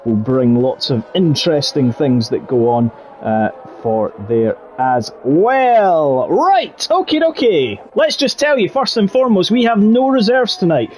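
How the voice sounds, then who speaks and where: A man's voice: on the high side, very animated, measured pace, hardly any pauses, darkish tone. Jokey man commentating a sim race. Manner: jokey, rambling, lots of fillers. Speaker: lead commentator. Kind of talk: live esports race commentary.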